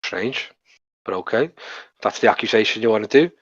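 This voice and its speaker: A man's voice: fairly low pitch, fairly quick, fairly bright tone, slightly rough, dry recording. A man hosting a live stream who answers an accusation defiantly and dismissively. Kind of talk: heated live stream argument. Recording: dull muffled stream audio.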